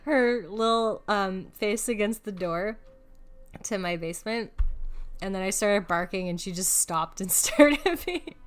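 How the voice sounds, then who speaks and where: A woman's voice: medium pitch, unhurried, soft background music. A young adult woman streaming a video game, chatty and giggly, cooing at her cat between comments. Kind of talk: casual live-stream chat.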